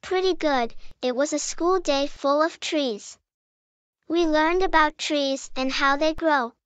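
A woman voicing a cheerful young schoolgirl who is quick to cry, in a homemade cartoon. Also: high voice, no room sound. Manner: eager, chatty, quick to cry. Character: young schoolgirl, cheerful, fears getting wet.

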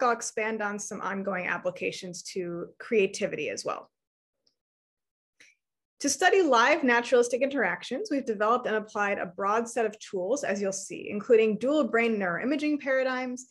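A woman in her thirties giving an academic lecture, explaining research in a clear, measured way. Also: medium pitch.

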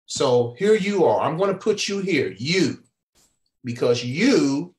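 Male income coach, high and unhurried, preachy and repetitive, echoey room. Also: lively intonation, darkish tone. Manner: preachy, repeats and restarts phrases, asks the viewer questions. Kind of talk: whiteboard pitch to camera.

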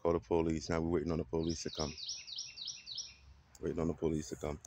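A man vlogging a casual, animated story that he retells dramatically and that is full of acted quotes. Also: very deep voice, quick pace, slight background noise.

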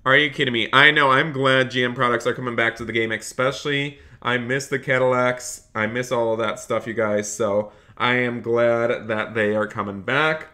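A man's voice: mid-range voice, steady tone, moderate pace, hardly any pauses, sharp tone. A man live-streaming a police role-play game, reading viewers' chat aloud and answering them while he plays.

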